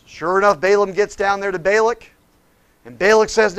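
A man preaching a sermon, retelling a Bible story with lively voices for each character. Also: high-pitched, moderate pace, slight background noise.

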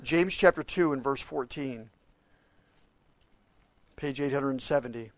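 A man from Oklahoma preaching a conversational sermon. He is animated and emphatic, often questioning his listeners and slipping into casual fillers. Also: medium pitch, unhurried, pauses often, no echo. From Oklahoma, USA. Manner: animated and emphatic, questions his listeners directly and gets loud on key points; informal, with fillers and restarts. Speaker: pastor or Bible teacher. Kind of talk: sermon, conversational Bible teaching.

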